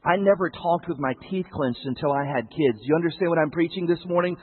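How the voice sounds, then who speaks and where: A male pastor with a high, husky voice talks through his sermon like a conversation, peppering it with rhetorical questions. The sound is thin and tinny, as if it came over a narrow broadcast line. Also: fairly quick.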